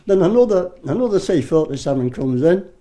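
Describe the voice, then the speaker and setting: A man's voice: sits high, very animated, a little fast, dark tone. A man, an interviewee reminiscing casually and rambling through war stories, swearing freely and restarting his sentences. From Britain. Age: 90s. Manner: rambling, salty storyteller who swears freely and restarts often.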